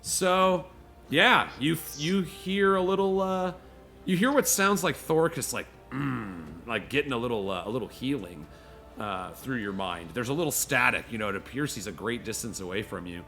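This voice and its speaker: A man's voice: mid-range voice, normal speed, sharp tone, faint music behind. A man narrating as game master of a tabletop game, in a loose, easygoing way with lots of "you know".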